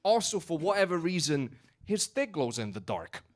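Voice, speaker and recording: A young man from Romania works a comedy club crowd with a lively, swooping delivery. He sits a bit high for a man and leans on casual fillers as he tells his stories. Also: normal speed. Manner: animated storytelling with filler words. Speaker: stand-up comedian. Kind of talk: stand-up comedy set.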